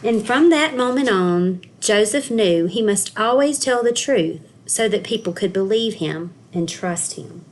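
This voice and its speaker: A woman school counselor reading a children's storybook aloud, telling the story clearly and expressively for young children. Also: medium pitch, animated, a little slow, hardly any pauses, a little hiss or hum.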